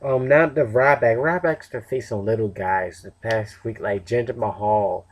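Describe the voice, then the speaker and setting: A man's voice: lowish voice, moderate pace. Tired, rambling young man. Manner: rambling, loose, with fillers and self-corrections. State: tired, yawning. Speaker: wrestling show reviewer. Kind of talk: casual solo review.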